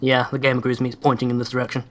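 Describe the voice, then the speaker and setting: A man's voice: medium pitch, completely flat delivery, very fast, fairly bright tone. A man giving casual gameplay commentary in a sardonic, sweary way, over-pronouncing his words. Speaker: let's play host.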